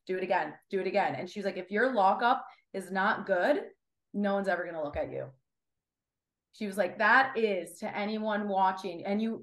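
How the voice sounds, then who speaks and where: A woman's voice: mid-range voice, roomy sound. A young woman in her twenties, a wrestler guest chatting casually and acting out quotes. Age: 20s. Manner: chatty, animated, acts out quotes. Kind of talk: casual interview chat.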